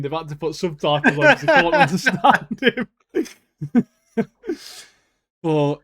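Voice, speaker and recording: A man's voice: fairly high pitch, a little slow, long pauses. Chatty man with a raised voice. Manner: laughs often, slangy and excitable. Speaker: podcast co-host. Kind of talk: casual chat.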